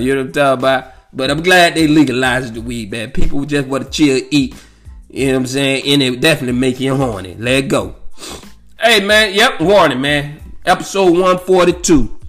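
A man's voice: on the high side, a bit bright. A man hosting a podcast who tells casual, profane, rambling stories, laughs at his own jokes and keeps checking in with "you know what I'm saying.". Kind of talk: casual storytelling monologue.

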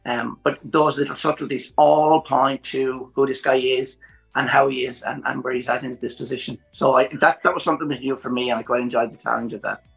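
A man, a director of photography, explaining his work at length in a thoughtful, measured way. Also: mid-range voice, fairly even intonation, gravelly, a bit bright, soft background music, poor audio. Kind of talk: podcast interview.

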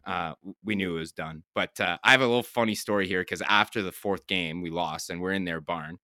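A man's voice: sits low, a little fast, sharp tone, dry recording, studio quality. A young man, a pro hockey player, telling stories in a laid-back, profane way on a podcast and laughing as he goes. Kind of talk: casual storytelling chat.

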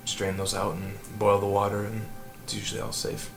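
A humble middle-aged farmer and father, polite and halting, full of ums, as a man plays him in his own low voice. He speaks in a tabletop game with music running clearly behind. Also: completely flat delivery, a bit bright, rough recording. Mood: hospitable. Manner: hesitant, polite, many ums.

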